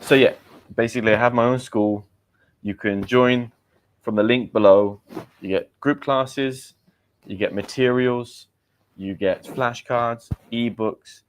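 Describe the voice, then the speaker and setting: A British man with a medium-pitched, steady voice hosts a live vocabulary lesson at an unhurried pace. As an English teacher and livestreamer, he chats with viewers, quizzes them and reads their comments aloud. There's slight background noise.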